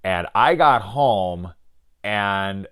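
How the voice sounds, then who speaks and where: A man's voice: fairly low pitch, expressive, extremely slow, fairly bright tone, clean tone. A young man reviewing a horror film in casual chat, swearing freely and trailing into restarts as he rambles into a personal story.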